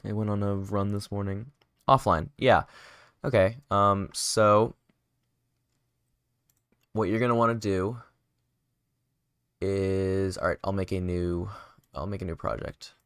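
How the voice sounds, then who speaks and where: A man's voice: on the low side, steady tone, slow, pauses often, fairly bright tone, clean tone, dry recording, studio quality. A tired man livestreaming game development, casually chatting and answering viewer questions while he works. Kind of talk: casual livestream chat and coding explanation.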